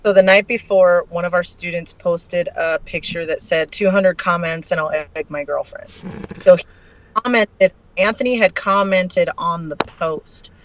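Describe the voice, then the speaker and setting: A woman guest on a podcast, telling a story in a brash, profane and animated way. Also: lowish voice, measured pace, no room sound, poor audio. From Arizona.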